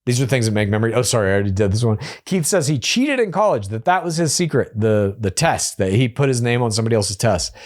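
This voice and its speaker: A man's voice: mid-range voice, sing-song, a little mellow. Chatty man recapping a reality show. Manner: chatty and opinionated, with quick asides. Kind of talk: casual episode recap commentary.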